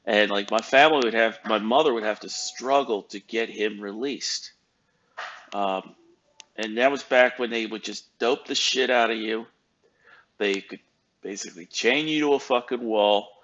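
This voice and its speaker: Man in his fifties, fairly low voice, hesitant rambling commentator, muffled lo-fi sound. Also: moderate pace, a bit bright. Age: 50s. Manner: rambling, hesitant with many fillers. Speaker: YouTube commentator. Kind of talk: casual commentary.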